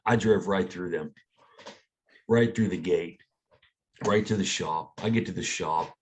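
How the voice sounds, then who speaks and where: American man, deep low voice, relaxed shrugging storyteller, casual chat. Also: measured pace. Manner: laid-back, shrugging storyteller. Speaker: guest, Air Force veteran.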